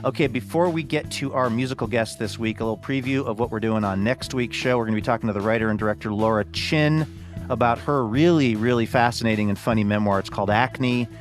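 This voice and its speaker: A man hosting a radio show, reading links and previews in an upbeat, brisk way. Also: medium pitch, faint music behind.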